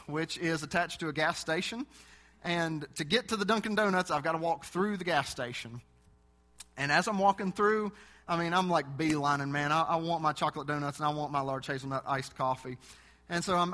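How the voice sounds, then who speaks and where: A man's voice: fairly high pitch, sharp tone. A man preaching a sermon, speaking earnestly to his church and telling a personal story.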